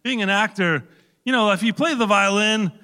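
A man, an actor guest, telling an animated anecdote on a talk show, laughing and swearing now and then. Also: high voice, moderate pace, clear, resonant tone, long reverb tail.

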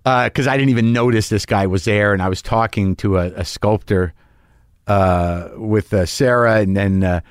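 A man's voice: on the low side, normal speed, clean tone, no echo, clean studio sound. A middle-aged man hosting a podcast, talking in a casual solo monologue, rambling and self-deprecating with plenty of restarts and fillers. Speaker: podcast host.

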